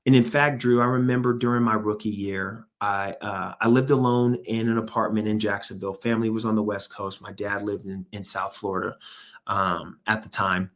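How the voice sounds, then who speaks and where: A middle-aged American man, a former NFL player turned speaker, tells his story as an interview guest. His voice is lowish with fairly even intonation at a normal speed, and he speaks emphatically and motivationally, quoting himself and others.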